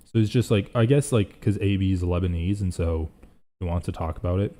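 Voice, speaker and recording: A man's voice: deep voice, brisk, warm tone. A young man hosting a casual live reaction stream, rambling and thinking aloud as he reads chat.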